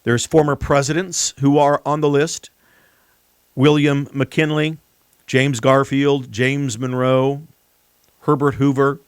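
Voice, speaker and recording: A man's voice: mid-range voice, level tone, takes it slowly, smooth, dry recording, clean studio sound. A man hosting a political commentary show, talking emphatically and addressing the audience directly. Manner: emphatic, repeatedly addresses "ladies and gentlemen". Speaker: talk show host.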